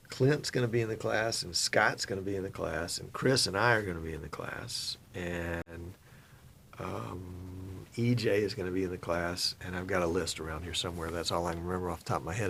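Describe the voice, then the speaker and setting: A man's voice: sits low, creaky, a bit bright, a little hiss or hum. A middle-aged man from Virginia hosting a livestream, chatting casually and reading viewer comments in a folksy way. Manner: folksy, chatty, reads comments aloud and laughs. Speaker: livestream host.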